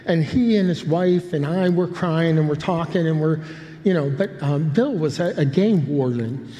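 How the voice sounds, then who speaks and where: A man's voice: a little high, normal speed, dark tone. An older man preaching a sermon, telling a story with many restarts and humorous asides. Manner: rambling, self-interrupting with humorous asides. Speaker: pastor. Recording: long hall reverb.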